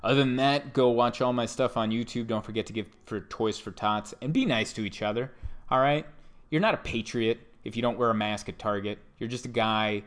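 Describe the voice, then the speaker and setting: A man's voice: medium pitch, fairly quick. Ranting, exasperated male comedian. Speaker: comedian host. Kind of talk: comedic storytelling monologue.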